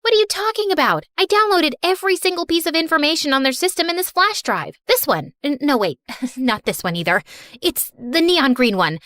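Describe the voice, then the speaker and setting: A young woman narrating her own animated story in first person, bubbly and playful. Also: high-pitched, brisk, no echo, studio quality.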